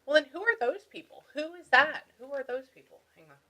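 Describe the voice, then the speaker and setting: Bright, excitable woman medium. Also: sits high, quick pace, low-quality recording. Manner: excitable, laughs often, relays what a spirit says. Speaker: spiritual medium. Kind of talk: reading session for a client.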